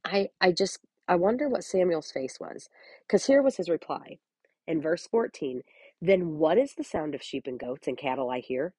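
A woman's voice: deep voice, animated, normal speed, warm tone, slightly rough, no echo. A woman hosting a Bible reading podcast, reading scripture aloud and breaking in with earnest, chatty commentary. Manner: earnest, chatty asides between read passages.

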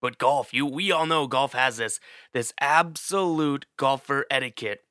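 Bright-voiced man telling a casual story. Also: mid-range voice, unhurried, no room sound, clean studio sound. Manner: chatty, addresses the listener directly, many fillers.

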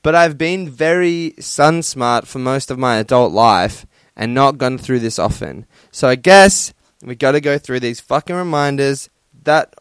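A man's voice: medium pitch, measured pace, few pauses, clear, resonant tone, no echo. A young man hosting a casual solo podcast from his room at home, swearing often, laughing and using lots of fillers while sunburnt and hot. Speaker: podcast host.

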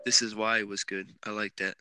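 A man's voice: lowish voice, level tone, fairly quick, bright, forceful tone, clean tone, soft background music, poor audio. A young man co-hosting a podcast in casual, rambling chat, laughing often and filling his talk with "like". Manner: laid-back, rambling, laughs often, many "like" fillers. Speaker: podcast co-host.

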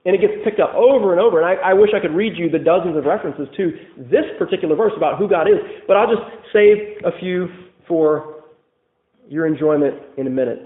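A high-pitched man preaches a sermon with passion. He swings from loud declarations to hushed lines. The sound is thin and phone-like, with room echo around it. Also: brisk. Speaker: pastor. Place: church.

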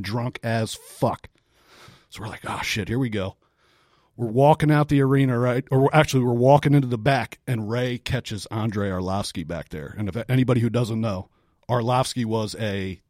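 A man co-hosting a podcast, telling a story in a casual, profane, animated way with frequent laughs. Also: mid-range voice, dry recording, studio quality. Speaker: podcast co-host.

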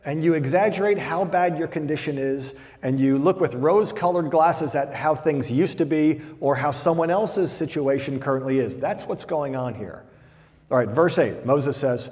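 Guy preaching in a church, kinda high voice, cracks jokes between bible readings, long echo in the hall. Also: moderate pace, darkish tone. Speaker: pastor. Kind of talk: sermon.

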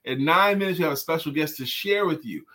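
A man hosting a casual livestream chat, animated and emphatic, repeating his key phrases. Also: on the high side, fast talker. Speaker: show host and sales coach.

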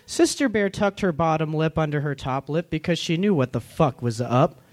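A man, a comedian, reading a comic story in a deadpan storybook manner at a comedy club. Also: a little high, normal speed.

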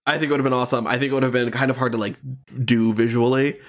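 A man's voice: mid-range voice, steady tone, rapid-fire. A man co-hosting a podcast, chatting casually about a reality show with a lot of "um" and "like" and frequent laughs. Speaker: podcast co-host.

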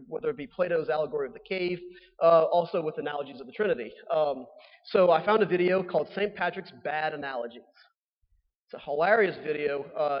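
A young man, a newly ordained priest giving a relaxed, conversational homily with fillers and playful asides. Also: a little high. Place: church. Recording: dull sound with long reverb in a church.

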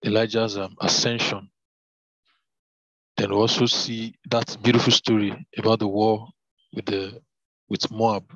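A man reading scripture aloud, with fervent asides and halting fillers between passages. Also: lowish voice, a bit bright, dry recording. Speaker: Bible reader. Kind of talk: devotional Bible reading with commentary. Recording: dull lo-fi, dry.

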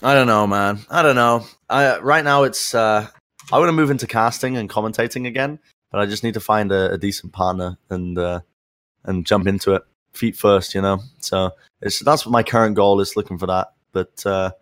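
A man who works as an esports caster, chatting casually on a podcast and telling stories in an animated way, with casual swearing. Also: lowish voice, moderate pace.

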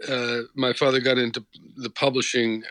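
A middle-aged actor from New Jersey, talking reflectively in a casual interview with many restarts. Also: male voice, mid-range voice, flat delivery, normal speed, fairly bright tone, no room sound, poor audio. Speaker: actor, guest.

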